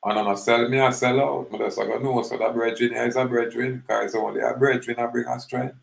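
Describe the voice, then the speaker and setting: A man's voice: medium pitch, little pitch movement, a little fast, gravelly, roomy sound, rough recording. A man with a Jamaican accent, talking casually in a rambling monologue that mixes patois and English.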